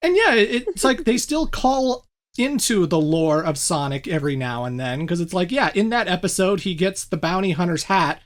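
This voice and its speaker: Animated woman retelling a show. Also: fairly low pitch, normal speed. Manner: animated, laughs while retelling scenes. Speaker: podcast co-host. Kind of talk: casual chat.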